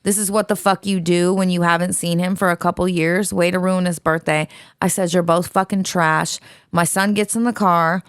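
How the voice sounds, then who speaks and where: A woman's voice: fairly low pitch, steady tone, moderate pace, clear, resonant tone, no room sound, studio quality. A woman co-hosting a podcast, reading a listener's letter aloud in a blunt, profane, dramatic way.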